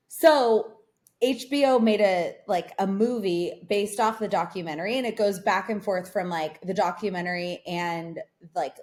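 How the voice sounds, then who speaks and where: A woman's voice: on the low side, darkish tone. A young woman co-hosting a podcast from a remote setup, telling a long story in casual chat and saying "like" often. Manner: rambling storyteller, heavy use of "like". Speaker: podcast co-host. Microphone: remote recording.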